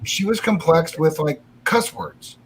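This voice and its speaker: A man's voice: fairly high pitch, measured pace, slight background noise, low-quality recording. A middle-aged man hosting a live stream chat, telling stories casually and swearing freely.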